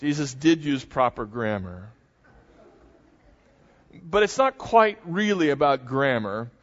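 A man's voice: medium pitch, big pitch swings, slow pace, fairly bright tone. A man preaching a sermon as pastor, talking in a conversational, folksy way with asides to the congregation. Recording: dull lo-fi sound with long hall reverb.

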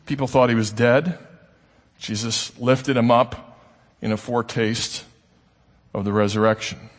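A man preaches in an earnest, explaining way, his voice at an ordinary middle pitch. When he quotes someone he lifts his tone into a plea. A long reverb trails each phrase, as in a large hall. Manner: earnest, acts out quoted speech with rising pitch. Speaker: pastor. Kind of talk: sermon.

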